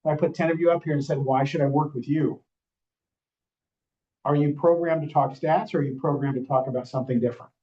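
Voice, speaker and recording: Man, slightly high voice, running a real estate training session, chatty, keeps asking the room "right?", dull muffled recording. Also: steady tone, fast, dark tone. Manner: conversational, checks in with the audience often. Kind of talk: live class talk to a room. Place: classroom or training room with an audience.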